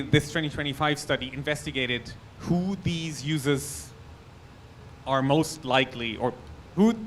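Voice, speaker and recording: A man's voice: mid-range voice, a bit bright, slight background noise. A man with a German accent giving a conference talk on a technical topic, loose and chatty, with restarts and asides. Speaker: conference speaker. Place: conference hall.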